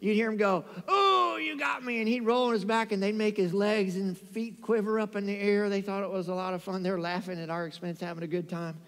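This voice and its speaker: A man preaching a sermon as pastor, telling lively stories and calling on the congregation to say amen. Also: high-pitched, brisk, few pauses, smooth, big-room sound. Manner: animated storytelling preacher, calls for amens. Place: church sanctuary.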